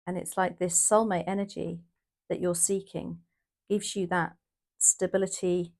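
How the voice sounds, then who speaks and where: A woman's voice: lowish voice, level tone, unhurried, vocal fry, a little mellow. A woman from the UK doing a casual, emotional tarot reading, rambling with restarts and exclamations. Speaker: tarot reader.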